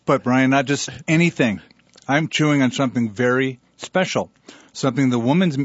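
A man's voice: mid-range voice, no room sound. A man who is a pastor, chatting and teasing on a radio show. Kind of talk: casual radio chat. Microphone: studio microphone. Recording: dull lo-fi radio studio.

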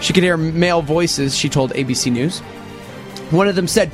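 A man's voice: on the high side, normal speed, faint music behind. A man hosting a podcast who retells a true crime story with theatrical flair. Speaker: podcast host. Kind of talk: dramatic storytelling chat.

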